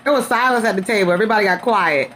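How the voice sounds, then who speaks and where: A woman's voice: mid-range voice, very fast, a bit bright, a little hiss or hum. A young woman recapping a reality show in a casual video review, talking in a sassy, emphatic way and calling listeners honey and girl.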